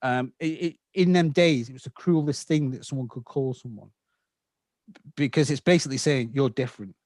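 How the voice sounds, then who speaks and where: A man with a slight Scouse accent talks through his story as a podcast guest, explaining earnestly and checking that his listener follows. His voice sits at an ordinary middle pitch. It is recorded dry, with no room sound. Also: moderate pace, darkish tone, dry recording. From England. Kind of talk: casual interview talk.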